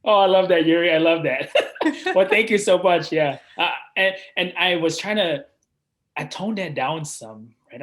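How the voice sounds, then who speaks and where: Energetic man, slightly high voice. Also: normal speed. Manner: energetic, often adds "right?". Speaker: guest, performance coach. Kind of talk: casual interview chat.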